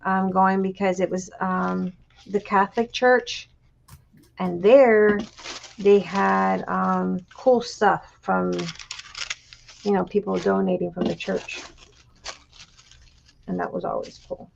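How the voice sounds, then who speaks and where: A woman's voice: mid-range voice, fairly even intonation, takes it slowly, gravelly, pauses often, muffled recording, a little hiss or hum. A woman from Texas chatting casually while crafting on a live stream, friendly and full of fillers.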